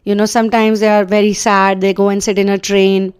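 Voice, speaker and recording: A woman's voice: mid-range voice, level tone, fairly quick, clear, resonant tone. A woman giving a channeled spiritual reading, earnest and fond of repeating short phrases. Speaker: tarot and energy reader.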